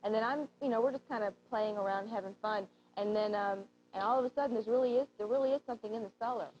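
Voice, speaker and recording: A woman's voice: fairly high pitch, fast talker, a little mellow. A woman co-hosting a shopping channel, chatting casually on air and telling a story while acting out the lines people said. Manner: chatty storyteller who acts out quoted lines. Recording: dull lo-fi TV broadcast audio.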